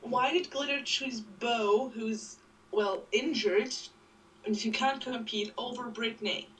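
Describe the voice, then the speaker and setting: A woman with a somewhat high voice chats playfully and teases her co-host. She is feeling sick and laughs often. Faint noise sits behind her. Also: takes it slowly, fairly bright tone, low-quality recording. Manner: giggly, teasing, playful. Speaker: podcast co-host. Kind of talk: casual chat.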